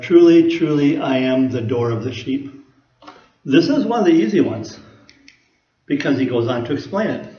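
Heard through dull, lo-fi audio in an echoey room, this pastor's voice sits on the high side with a darkish tone. His sermon is folksy and conversational, often asking the listeners rhetorical questions.

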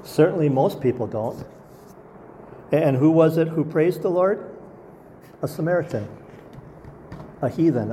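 Earnest male pastor, mellow voice. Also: a little high, expressive, unhurried, long pauses, a little hiss or hum. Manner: earnest, asks the congregation rhetorical questions. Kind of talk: sermon.

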